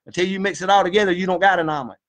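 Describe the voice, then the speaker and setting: A man's voice: sits high, steady tone, racing, fairly bright tone. A man giving a fired-up, preachy monologue, folksy and full of swearing. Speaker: video commentator. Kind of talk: impassioned monologue.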